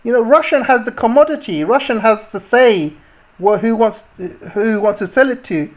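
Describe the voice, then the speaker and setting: A woman's voice: on the high side, animated, normal speed. A woman vlogger giving scornful, indignant political commentary, with many fillers and restarts. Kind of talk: ranting commentary.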